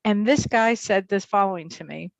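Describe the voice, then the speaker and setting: A lively woman recounts her own story in a quick, expressive way, with a voice in the middle of the usual range. Her delivery is animated and full of acted-out dialogue. The sound is close and dry, with no room echo. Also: mid-range voice, gravelly, lo-fi sound. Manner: fast, vivid storyteller who acts out dialogue. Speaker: medium, interview guest.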